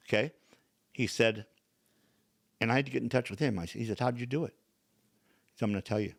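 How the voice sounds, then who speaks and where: A man's voice: medium pitch, fast talker, gravelly, pauses often, dry recording. An older man hosting a podcast, chatting frankly and acting out other people's lines as he tells a story. His voice sits in an ordinary middle register, recorded close and dry with no room sound. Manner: animated, acts out quoted dialogue; blunt, frank wording. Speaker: podcast host. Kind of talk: casual storytelling chat.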